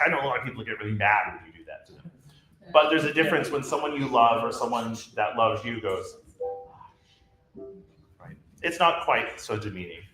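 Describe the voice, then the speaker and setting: Animated male choir director, bright voice. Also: mid-range voice. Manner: animated, demonstrates phrases by speaking and singing. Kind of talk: rehearsal instruction. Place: rehearsal room. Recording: roomy echo with faint ambience.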